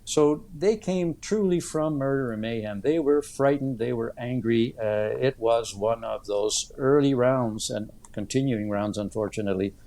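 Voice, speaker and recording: A man in his seventies, an author answering interview questions in an earnest, thoughtful way, with many "uh" pauses as he tells stories. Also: mid-range voice, dark tone. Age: 70s.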